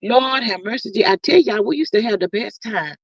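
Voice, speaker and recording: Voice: mid-range voice, brisk, fairly bright tone, breathy edge, no echo. A performer voicing a defensive, folksy older mother who rambles and calls everyone honey, chatting in character on a livestream. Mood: fretful. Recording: slightly muffled dry livestream audio.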